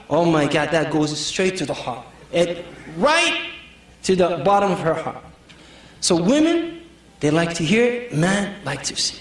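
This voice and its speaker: Man, high voice, joking preacher style, recorded from afar in a big echoing hall. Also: expressive, normal speed. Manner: jokey, storytelling, full of "you know". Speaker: Islamic speaker. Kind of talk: humorous sermon to a community audience. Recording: echoey hall, mic far off.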